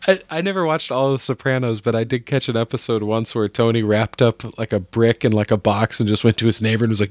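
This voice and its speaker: A man's voice: medium pitch, fast talker, darkish tone. A man hosting a casual podcast chat, laughing often and swearing freely. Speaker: podcast host.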